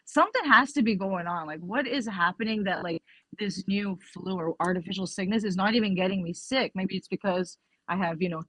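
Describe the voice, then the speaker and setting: A woman's voice: medium pitch, brisk, sharp tone, no echo. A woman guest on a podcast, chatting casually and acting out quoted exchanges as she tells her story.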